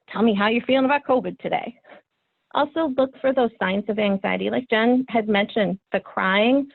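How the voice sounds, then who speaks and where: A woman's voice: mid-range voice, creaky, dry recording. Encouraging woman presenting over a thin webinar line. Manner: earnest, encouraging, with frequent ums. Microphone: video call. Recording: phone-like webinar audio, dry.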